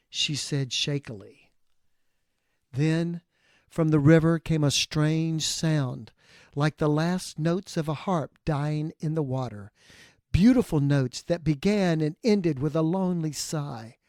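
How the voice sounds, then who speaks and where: Expressive male storyteller, higher voice. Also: a little slow, dry recording, studio quality. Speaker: podcast co-host and storyteller. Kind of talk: dramatic read-aloud narration.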